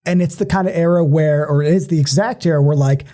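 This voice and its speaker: Mellow-voiced man ranting with animated swearing. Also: fairly high pitch, fast talker. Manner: animated, swears freely, many restarts. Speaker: podcast co-host. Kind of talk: casual movie-discussion chat.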